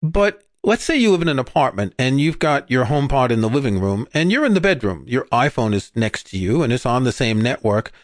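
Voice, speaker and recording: A man's voice: mid-range voice, big pitch swings, no room sound, studio quality. Joking English man, podcast co-host. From England. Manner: chatty, joking, quick asides. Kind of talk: casual podcast chat.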